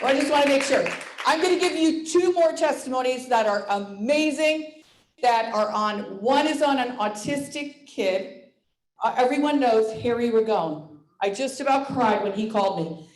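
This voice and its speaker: A woman in her sixties giving an energetic motivational talk at a sales meeting, loud and excitable and laughing often. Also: on the high side, moderate pace, roomy sound. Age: 60s.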